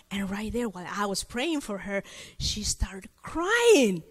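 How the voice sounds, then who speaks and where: A Latin American woman with a rather high voice preaches a sermon at a normal speed, sharing a personal story with animated energy. She addresses her audience with questions, and the recording carries the long reverb of a hall.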